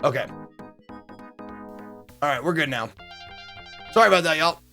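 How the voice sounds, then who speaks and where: A man playing through a game on stream, reading the narration out loud and tossing in chatty asides. His voice is high and bright, with a playful edge. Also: expressive, moderate pace, vocal fry, faint music behind. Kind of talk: reading game text aloud, casual commentary.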